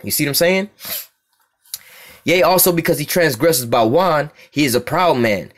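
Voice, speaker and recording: Reading scripture and then riffing on it in coarse, blunt street language, this American man preaches in an animated, fairly high voice. He keeps a moderate pace with frequent pauses and keeps checking in with "you see what I'm saying."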